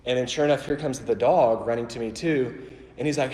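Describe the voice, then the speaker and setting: A man's voice: mid-range voice, fast talker, a little mellow. A man who works in a church ministry tells stories in a conversational, self-deprecating way, with many fillers like "like" and "um". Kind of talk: storytelling church talk. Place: church auditorium. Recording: echoey hall with long reverb.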